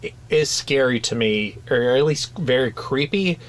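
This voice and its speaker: A podcast co-host chats casually in an ordinary mid-range voice, animated but unhurried. He frequently stops and restarts sentences and uses plenty of fillers.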